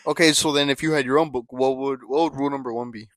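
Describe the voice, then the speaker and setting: A man's voice: medium pitch, fairly even intonation, fast talker, dry recording. A man co-hosting a podcast in casual chat, teasing his co-host and laughing a lot.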